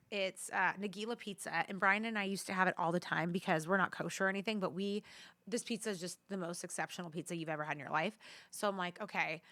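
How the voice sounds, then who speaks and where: A woman's voice: medium pitch, bright, forceful tone. Chatty woman podcast host telling a story. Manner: chatty, full of "like" fillers and restarts; talks straight to listeners as "you guys". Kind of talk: casual storytelling monologue.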